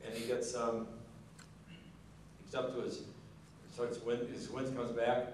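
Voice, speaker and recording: A man's voice: mid-range voice, monotone, slow, slight background noise. Man telling a folksy story in an echoing hall. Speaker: speaker at a Marine Corps ball. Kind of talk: after-dinner joke telling. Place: large banquet hall. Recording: echoey banquet hall, distant mic.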